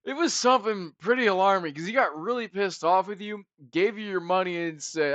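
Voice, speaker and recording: A man with a fairly high, bright and forceful voice rambles through stories in a loose podcast chat, swearing often. The sound is dry and close but dull and lo-fi. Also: animated, fairly quick, few pauses, no echo. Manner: rambling, laughing, swears a lot. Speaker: podcast co-host. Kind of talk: casual storytelling chat.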